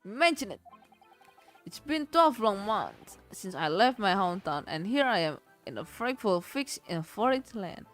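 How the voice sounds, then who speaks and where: A woman's voice: medium pitch, big pitch swings, normal speed, fairly bright tone, soft background music. An Indonesian-accented woman voicing a paranoid young male student prisoner who stammers in fear. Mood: apologetic. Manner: jittery, stammering, fearful.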